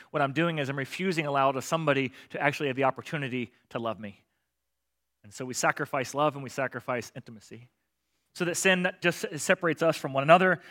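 A man preaching a sermon, lively and talkative, often checking in with the crowd with "right?" and acting out voices of the characters. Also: medium pitch. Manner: animated, acts out voices of God and children. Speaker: pastor.

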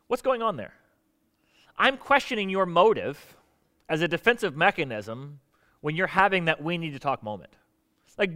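A middle-aged pastor with a bright, forceful voice that sits a little high for a man. He preaches conversationally, throwing questions to the congregation and acting out the people he quotes. The sound carries a long reverb from a large hall. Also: smooth. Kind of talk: sermon.

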